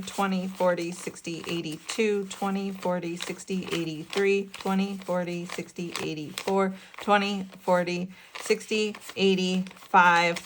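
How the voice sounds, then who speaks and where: An excitable woman hosting a casual budgeting vlog, counting cash aloud and narrating her savings. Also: medium pitch, a little hiss or hum. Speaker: budgeting channel host.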